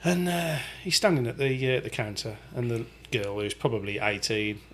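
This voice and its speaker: A man's voice: mid-range voice, normal speed, a bit bright, slight background noise. A middle-aged man co-hosting a podcast, chatting casually, swearing and laughing as he tells a story. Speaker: podcast co-host.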